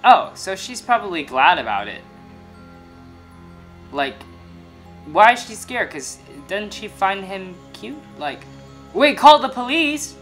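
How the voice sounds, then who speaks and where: A man hosting a reaction video, talking to viewers in an excitable, teasing way. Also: high-pitched, slow, long pauses, faint music behind. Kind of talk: reaction commentary.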